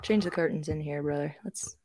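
With a low, mellow voice and a slightly fast delivery, a young woman co-hosting a podcast chats casually and rambles through stories. She's a talkative storyteller, full of fillers and restarts.

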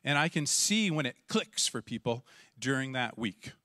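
A middle-aged man from Canada, a pastor telling a lively story in a sermon and acting out the voices in it. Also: mid-range voice, moderate pace, no echo, studio quality. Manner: animated, acts out voices and shouts in the story.

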